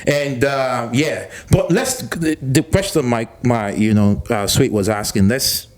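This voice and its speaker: A man's voice: medium pitch, a little slow. A man hosting a casual chat, asking loose, filler-heavy questions. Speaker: podcast host. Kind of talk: casual conversation.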